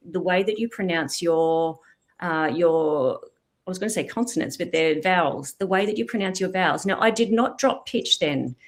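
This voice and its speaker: A middle-aged woman, a voice specialist, explaining and demonstrating vocal technique in an interview. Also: mid-range voice. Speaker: voice specialist guest. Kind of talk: expert interview talk.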